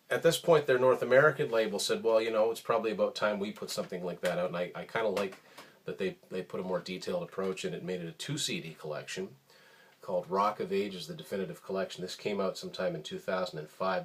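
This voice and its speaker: A man hosting a casual show about his music collection, talking in a relaxed, rambling way with many ums and uhs. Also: low-pitched, quick pace. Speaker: host of a record collection show. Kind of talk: casual show-and-tell talk.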